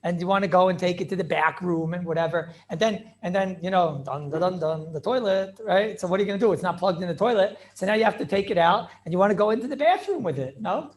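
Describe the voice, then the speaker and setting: A man teaching an animated Torah class over a video call, firing questions and mixing in Hebrew and Yiddish terms. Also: sits high, fast, few pauses. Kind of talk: lively online Torah class.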